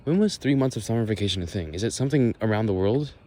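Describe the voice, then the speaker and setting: A man's voice: fairly low pitch, lively intonation, fast, mellow. A young American man chatting casually while walking outdoors, rambling and sarcastic, explaining things as he goes. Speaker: vlogger. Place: outdoors walking near a road. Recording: faint outdoor and traffic noise.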